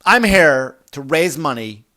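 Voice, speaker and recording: A man mimicking a loud, indignant woman heckling at a comedy club, in a raised, huffy voice. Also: on the high side, animated, measured pace, pitched above the performer's own voice.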